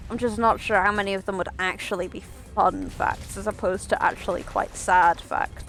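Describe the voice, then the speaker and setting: A woman's voice: mid-range voice, steady tone, moderate pace, vocal fry, fairly bright tone, soft background music. A woman chatting casually while streaming a game, rambling and swearing in self-mocking asides. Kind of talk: casual gameplay stream chat.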